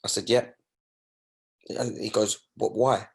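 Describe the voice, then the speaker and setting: A man's voice: on the low side, little pitch movement, takes it slowly, gravelly, slightly rough. A young man, a guest in a casual chat, telling stories in an emphatic, indignant way.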